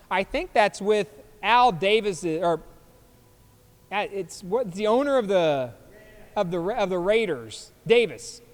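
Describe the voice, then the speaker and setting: Chuckling man with a high voice, reverby room. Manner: chuckling, loose and joking. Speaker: podcast host. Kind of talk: casual chat reacting to memes.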